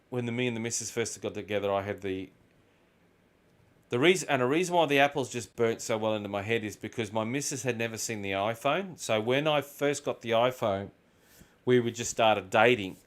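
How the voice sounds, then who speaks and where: A man's voice: mid-range voice, moderate pace. Rambling, swearing Australian man. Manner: rambling, swears freely, tells animated anecdotes. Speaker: gaming video host. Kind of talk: casual chat while gaming.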